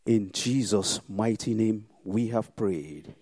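Male pastor preaching, mellow tone, dry close sound, repeats lines hard then goes quiet for prayer. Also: mid-range voice, animated, normal speed, no room sound. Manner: emphatic, repetitive, swings between loud exhortation and hushed prayer.

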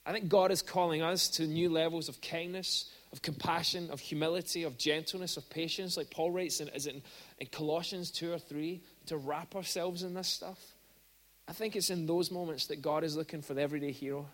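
High-voiced preacher. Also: male voice, brisk. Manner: conversational, frequent restarts, animated storytelling. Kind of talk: sermon. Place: church. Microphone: microphone at pulpit.

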